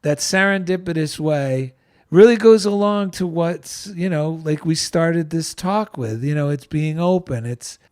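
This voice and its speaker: A middle-aged man with an East Coast American accent tells a personal story in an animated, heartfelt way. His voice sits a little high for a man. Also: a little slow, clean tone. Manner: animated, gets choked up with emotion. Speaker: guest, author and veteran. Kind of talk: storytelling in conversation.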